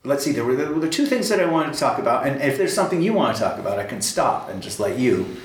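A man in casual chat who tells stories in an animated way, stammering and restarting his sentences often. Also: medium pitch, quick pace. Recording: echoey room, faint background noise.

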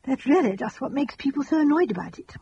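A woman reading an audiobook, voicing a gentle, fussy elderly spinster who talks in a chatty, earnest, rambling, old-fashioned way. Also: sits high, animated, fast talker, no echo, lo-fi sound.

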